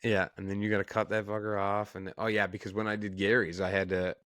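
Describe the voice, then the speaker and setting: A man in a relaxed podcast chat with friends. His voice sits a bit low and is recorded dry and close. He laughs often and drops curse words without a second thought. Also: fast talker, no echo. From Canada. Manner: loose, laughing, swears freely. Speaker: podcast co-host. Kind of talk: casual chat.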